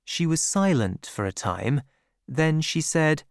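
A man narrating a story, reading slowly and expressively, on a close studio mic. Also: on the high side, dry recording. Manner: slow, clear, expressive reading. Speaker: audiobook narrator.

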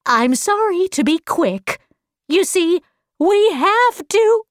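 A woman voicing a kind otherworldly female being who speaks gently in a storybook reading. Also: extremely high pitch, sing-song, slow pace, dry recording, studio quality, voice pushed up, exaggerated voice. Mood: gentle.

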